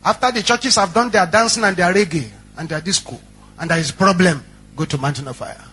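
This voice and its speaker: A man's voice: sits high, a little fast, bright, forceful tone, slight background noise. A male pastor preaching a sermon and telling stories in a dramatic, repetitive, emphatic way. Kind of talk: sermon storytelling.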